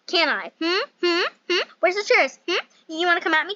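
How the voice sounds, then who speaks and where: Giggly high-voiced woman gaming. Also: expressive, fairly quick, hardly any pauses, bright, forceful tone, no room sound, highs cut off. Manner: giggly, self-mocking, rambling. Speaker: game YouTuber. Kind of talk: casual gameplay commentary.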